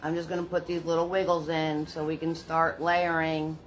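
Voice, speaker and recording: A woman's voice: low-pitched, little pitch movement, slight background noise, poor audio. A woman teaching a live paint-along class, chatty and encouraging, talking herself through each brush step with little laughs. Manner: slow, unhurried delivery with little laughs. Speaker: painting instructor.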